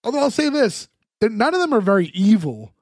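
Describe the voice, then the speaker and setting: A man with a fairly high voice co-hosts a podcast, walking through the plot in a loose, rambling way. He leans on fillers and slips into the characters' lines as he retells scenes. The mic is close and dry, with no room sound. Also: big pitch swings, brisk, darkish tone, no room sound. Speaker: podcast co-host. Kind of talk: casual chat recapping a TV episode.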